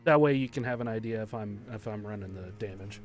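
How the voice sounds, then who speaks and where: A man's voice: lowish voice, fast talker, soft background music. A teasing, giggly man chatting casually with his tabletop game group. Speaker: player.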